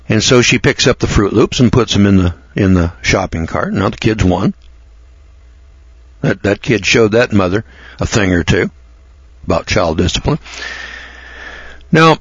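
A man rambles through a blunt, mocking, opinionated monologue and repeats his words. His voice is husky and the recording is dry. The sound is dull and lo-fi. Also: fairly low pitch, no echo.

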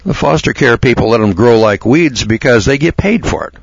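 A man's voice: mid-range voice, expressive, brisk, gravelly, no room sound. A man giving a blunt, rambling, opinionated monologue, mocking and repeating words as he goes. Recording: dull lo-fi recording, dry.

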